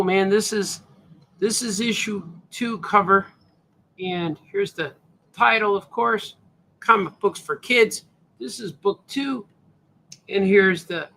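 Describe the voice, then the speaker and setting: Showing his comic pages on a livestream, this male cartoonist chats in a high, gravelly, fairly bright voice. His manner is relaxed and meandering, and "hey, man" comes up constantly.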